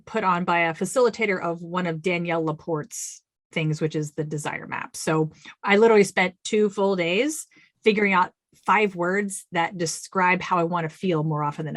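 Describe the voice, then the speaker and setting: A woman's voice: lowish voice, no room sound. A woman guest on an interview podcast, telling stories with animation and acting out her own quotes. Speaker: author guest.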